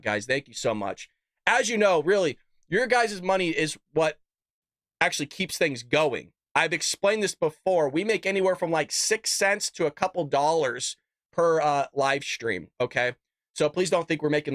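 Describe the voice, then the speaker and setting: A man's voice: on the high side, fairly bright tone, no echo, studio quality. A man hosting an unscripted political commentary livestream, talking in a fired-up, sarcastic rant. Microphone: desk microphone and camera.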